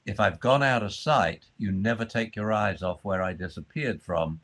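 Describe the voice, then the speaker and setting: A man explaining dog training in a conversation, acting out the voices he uses with dogs. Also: moderate pace. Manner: acts out high fussy voices and low calm commands.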